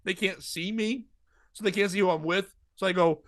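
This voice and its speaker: A man's voice: high voice, normal speed, no echo. A man hosting a podcast, telling a long comic story and acting out the voices of the people in it. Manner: animated, acts out quoted voices. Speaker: podcast host and comedian. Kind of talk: storytelling chat.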